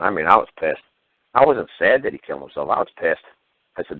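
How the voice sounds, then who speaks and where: Deep-voiced, profane man on a phone line. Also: expressive, a little fast, dry recording. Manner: blunt, profane, fired-up storytelling. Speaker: talk show guest. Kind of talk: casual call-in radio chat.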